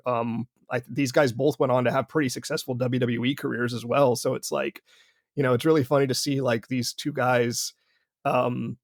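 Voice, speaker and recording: A man speaking as a podcast guest, enthusiastic and rambling, often restarting his sentences. His voice sits at a middle pitch, and the sound is dry and close with no room echo. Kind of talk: casual podcast chat.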